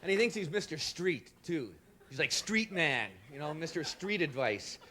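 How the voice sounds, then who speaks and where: Self-deprecating young male comic, high voice, rambling delivery, live club with audience laughter. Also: animated, moderate pace, a crowd in the background, noisy background. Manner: rambling, self-deprecating, loud shouted impressions. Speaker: stand-up comedian. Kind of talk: stand-up comedy set. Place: comedy stage before a live audience.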